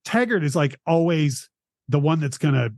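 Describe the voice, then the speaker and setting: A man in casual podcast chat, halting and filling gaps with "like". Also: a little high, expressive, no echo, studio quality. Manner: filler-heavy, halting. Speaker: podcast guest.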